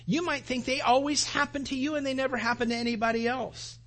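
A middle-aged man preaching a sermon as pastor, telling a personal story in a conversational, animated way. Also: very high-pitched, fast.

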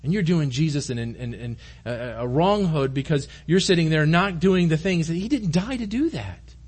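Male pastor, high lively delivery, earnest and direct with the congregation. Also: normal speed, slightly rough. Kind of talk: conversational sermon. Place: church room.

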